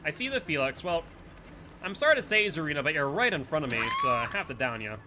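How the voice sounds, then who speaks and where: A man's voice: on the high side, sing-song, quick pace, background noise. A man with a Northeastern US accent, streaming a game live and rambling to chat between plays. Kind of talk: live gameplay commentary and chat.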